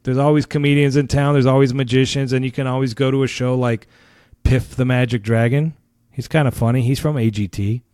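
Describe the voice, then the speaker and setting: A man's voice: medium pitch, fairly even intonation, brisk, a little mellow, clear, resonant tone, no room sound, studio quality. A man hosting his own podcast, telling a story in a casual, swearing, rambling rant and laughing along with it. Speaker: podcast host.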